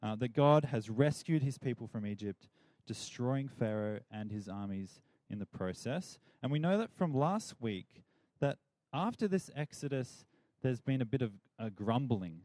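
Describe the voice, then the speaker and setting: Mellow-voiced man giving a youth talk. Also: mid-range voice, lively intonation, measured pace, no room sound. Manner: chatty, playful, leads the audience in call-and-response. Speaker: youth group speaker.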